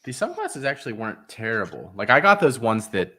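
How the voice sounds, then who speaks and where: A man co-hosting a sports podcast over a video call, talking through player analysis in a relaxed way. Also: medium pitch, fairly quick, no room sound, studio quality. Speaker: podcast co-host. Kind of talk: casual chat.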